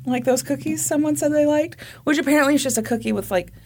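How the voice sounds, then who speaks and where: A woman's voice: high-pitched, fast. A woman co-hosting a casual true crime podcast, playful and teasing, often laughing. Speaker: podcast co-host.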